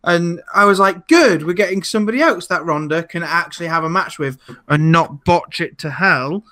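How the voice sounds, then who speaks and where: A man's voice: fairly high pitch, moderate pace, sharp tone. A man co-hosting a casual podcast, recapping shows and often breaking into laughter. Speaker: podcast co-host. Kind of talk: casual chat.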